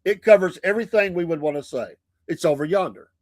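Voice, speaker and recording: Southern man, morning show host, folksy chat, laughs a lot, slightly high voice, dry close mic. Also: quick pace, darkish tone, dry recording. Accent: Southern American. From American South. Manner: chatty, laughs often, folksy. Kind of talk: casual livestream chat. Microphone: streaming mic.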